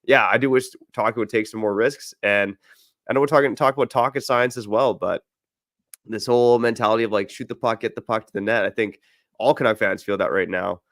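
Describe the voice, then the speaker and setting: A man hosting a sports podcast in a relaxed, chatty way. His voice sits low with a gravelly edge. The sound is dry and close to the mic. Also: a little fast, dry recording. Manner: easygoing, reads ad copy, filler-heavy. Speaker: podcast host. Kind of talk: casual sports podcast chat.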